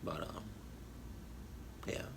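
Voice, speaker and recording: A man giving halting, emotional commentary on a reaction video, full of fillers and restarts. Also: background noise. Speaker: YouTube reactor. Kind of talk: rambling heartfelt commentary.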